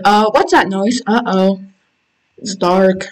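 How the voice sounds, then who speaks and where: A woman hosting a gaming channel, giving excitable casual commentary while playing and reading game text aloud, squealing when panicked. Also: mid-range voice, takes it slowly, poor audio. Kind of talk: casual let's-play commentary.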